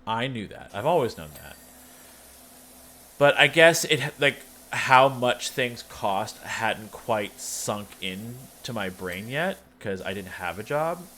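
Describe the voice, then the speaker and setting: A man's voice: lowish voice, sing-song, slow pace, bright, forceful tone, slight background noise. A man, telling a rambling personal story on a livestream, wry and full of restarts. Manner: rambling, self-interrupting, wry. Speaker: streamer. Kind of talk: casual storytelling chat.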